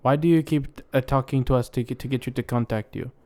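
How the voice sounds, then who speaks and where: A man voicing a goofy male caller with a mock Swedish accent, deadpan and insistent in a comedic phone bit. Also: mid-range voice, fast talker, close to an everyday voice.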